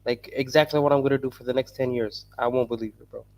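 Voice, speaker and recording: A man's voice: medium pitch, steady tone, quick pace, a little mellow. Male podcast co-host, blunt and skeptical, casual slangy speech.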